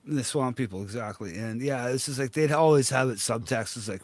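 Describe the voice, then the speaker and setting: Canadian man, casual co-host, mid-pitched, loose and profane. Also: fairly quick, few pauses. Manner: swears often, laughs, rambling. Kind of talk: casual chat.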